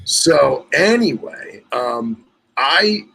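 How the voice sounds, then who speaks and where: A man co-hosting a podcast, chatting in a relaxed, self-mocking way. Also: medium pitch, drawn-out words, vocal fry, slightly rough, low-quality recording. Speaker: podcast co-host. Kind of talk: casual chat.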